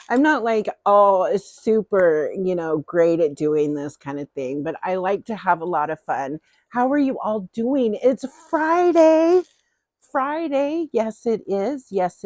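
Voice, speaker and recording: A woman's voice: lowish voice, darkish tone, no room sound. A middle-aged woman hosting a casual haul vlog, chatty and playful, often repeating her phrases. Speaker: host.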